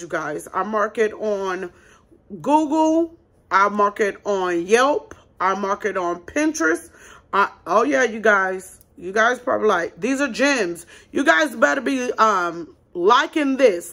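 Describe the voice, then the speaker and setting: A woman host giving business advice in a casual vlog, blunt and emphatic as she talks straight to her audience. Her voice sits a little high and sounds bright and forceful, and she leans hard on the key words.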